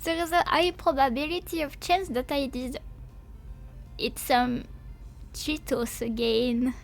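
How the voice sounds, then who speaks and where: A woman's voice: sits high, steady tone, slow pace, faint music behind. A woman streamer in casual live chat, giggly and apologetic, hesitant with many fillers, talking while she eats and drinks. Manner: talks while eating and drinking.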